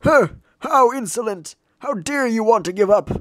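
A woman voicing a fussy, proper old mushroom steward who speaks slowly and with indignation. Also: a little high, expressive, no room sound, close to an everyday voice. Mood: indignant. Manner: slow, indignant and old-fashioned.

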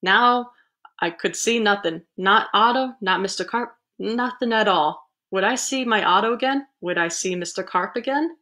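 A woman librarian reading a picture book aloud to children, animated, with playful asides. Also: mid-range voice, moderate pace. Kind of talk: storybook read-aloud.

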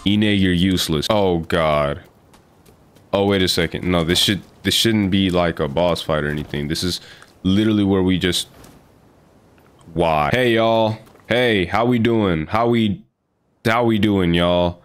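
Young man, gameplay commentary, excitable, joking, trash-talking, fairly low voice. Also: a little slow, smooth. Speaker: gaming video host.

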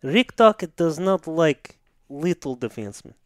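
A man's voice: fairly high pitch, expressive, unhurried, no room sound, clean studio sound. A man putting on a hammy Russian hockey coach. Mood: mock-proud. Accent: mock Russian. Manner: broken English, exaggerated and jokey. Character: boastful older Russian hockey coach, mock accent.

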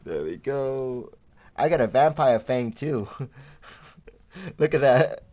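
A man's voice: mid-range voice, slow, lo-fi sound. A young man giving casual, giggly commentary while livestreaming a game and chatting with viewers. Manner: giggly, easily excited, chatty with chat. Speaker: gaming livestreamer.

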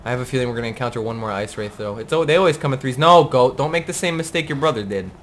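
A man giving casual gameplay commentary in a profane, excitable and joking way. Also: mid-range voice, rapid-fire, a little hiss or hum.

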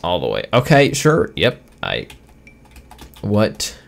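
Male gamer host, dry sarcastic commentary, unhurried delivery with a lively, swinging pitch. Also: creaky. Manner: sarcastic, mock-offended banter with on-screen characters. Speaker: gaming video host. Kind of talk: gameplay commentary, reading game text aloud.

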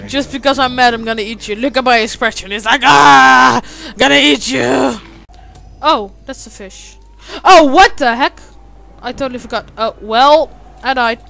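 A woman giving let's play commentary over a game she hosts, swearing a lot and often breaking into shouted, frustrated outbursts. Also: fairly high pitch, normal speed. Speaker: gaming video host.

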